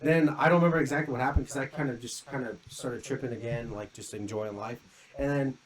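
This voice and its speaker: A young podcast co-host with a mid-range voice talks fast, telling a long story casually over a crowd in the background on a rough recording. He rambles with lots of "like" fillers and lively re-enacted quotes.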